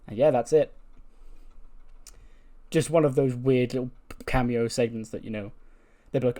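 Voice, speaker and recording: A man's voice: medium pitch, moderate pace, pauses often, mellow. A man giving wry, chatty commentary while playing a wrestling management game. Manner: chatty, wry, laughs often. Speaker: let's-play commentator.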